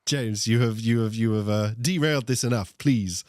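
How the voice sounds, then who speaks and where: A man's voice: fairly low pitch, moderate pace, darkish tone, no echo, clean studio sound. Joking young British man with a posh accent. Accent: posh British English. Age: young adult. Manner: joking, rambling, prone to tangents. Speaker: co-host. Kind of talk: casual esports chat.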